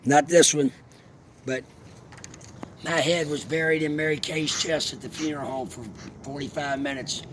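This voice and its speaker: A man telling a heartfelt personal story in a rambling, halting way, as a vlogger. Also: a little high. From Alabama. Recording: steady background noise, vehicle sounds.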